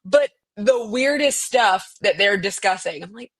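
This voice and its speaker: A woman's voice: medium pitch, expressive, a little slow. A woman co-hosting a podcast in casual chat, blunt and wry, with casual swearing. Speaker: podcast co-host.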